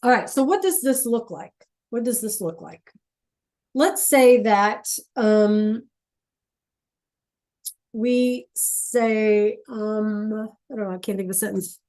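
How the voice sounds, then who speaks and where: A Spanish teacher, a woman with a mid-range and slightly mellow voice, leads a language lesson. She explains things patiently, keeps checking in with the class, and repeats the important points slowly.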